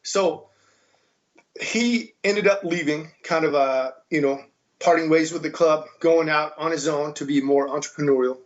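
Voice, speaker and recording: An American man telling stories in a lively, casual way as a podcast guest. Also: on the high side, unhurried. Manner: animated, mimics voices in quotes. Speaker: podcast guest, kettlebell instructor. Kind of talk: casual storytelling. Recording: dull lo-fi sound.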